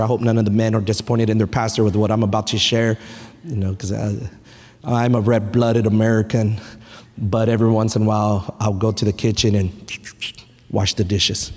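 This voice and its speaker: A man in his thirties preaching a sermon as pastor, animated and playful, with family stories and asides to the congregation. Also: on the low side, fairly quick. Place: church sanctuary. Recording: echoey church hall.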